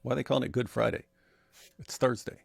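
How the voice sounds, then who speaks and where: A man's voice: medium pitch, fast talker, vocal fry, no echo. A man co-hosting a casual livestream, reading viewer messages aloud and answering them with sarcastic, mocking asides. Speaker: livestream co-host reading super chats.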